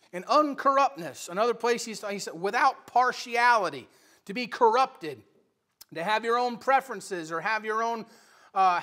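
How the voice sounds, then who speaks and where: A man preaching a Bible study sermon in church, swinging between quiet asides and loud, emphatic exhortation. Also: sits high. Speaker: pastor.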